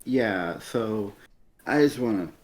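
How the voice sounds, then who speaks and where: A man with a somewhat low voice chats casually about comics on a stream. He speaks softly, and his voice sounds a little strained from a lingering illness. He wanders through his thoughts with many ums and restarts. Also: lively intonation, slow pace. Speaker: co-host of a comic review stream. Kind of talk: casual chat.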